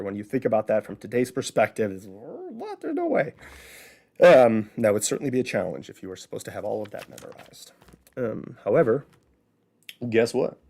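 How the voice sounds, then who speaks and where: Speaking in a lowish, darkish voice with vocal fry, this Midwestern host from Illinois has a Chicago accent. His solo show is a casual educational monologue, talkative and relaxed. He keeps asking himself rhetorical questions and answering them as a way to explain.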